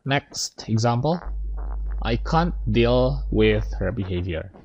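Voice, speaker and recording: A man's voice: medium pitch, expressive, takes it slowly, vocal fry, a little mellow, highs cut off, a little hiss or hum. A man teaching an English grammar lesson, explaining step by step and checking in with his students.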